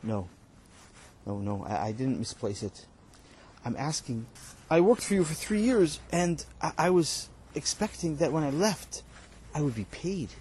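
A man's voice: on the high side, big pitch swings, measured pace, dark tone, a little hiss or hum. A man voicing a poor, timid farmhand who hesitantly pleads for his wages. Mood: timid pleading. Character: poor timid male farmhand asking for pay.

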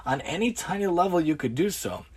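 A man with a somewhat high voice delivers a religious lecture about everyday behavior. He talks earnestly, firing off rhetorical questions, often repeating words, and he drops Hebrew and Yiddish terms into his speech. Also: animated, brisk, husky. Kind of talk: Torah lecture on everyday conduct.

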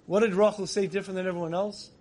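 High-voiced rabbi storyteller. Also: male voice, steady tone, racing, a little hiss or hum. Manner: tells stories with acted quotes, voice dropping soft for emotional lines. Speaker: rabbi giving a Tisha B'Av lecture. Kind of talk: storytelling sermon.

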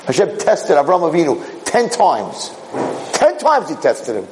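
Male rabbi, sermon, mellow slightly high voice, conversational and repetitive. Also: huge pitch swings, a little slow, rough recording.

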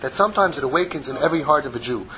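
A man giving an impassioned Torah sermon, mixing Hebrew terms into English and swinging from loud pleading to hushed, intimate tones. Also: medium pitch, animated, rapid-fire, a crowd in the background, low-quality recording. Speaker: rabbi giving a Torah class.

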